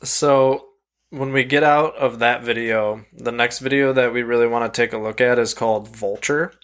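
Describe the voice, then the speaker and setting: Man, podcast co-host, casual chat, plain steady delivery. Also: mid-range voice, moderate pace.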